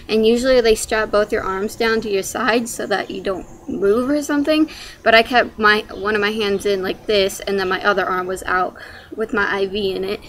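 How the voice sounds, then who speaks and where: A woman's voice: medium pitch, fairly bright tone, a little hiss or hum. A young woman casually telling a personal story in a vlog, rambling with many "like" and "um" fillers. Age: young adult. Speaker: young mother telling her birth story.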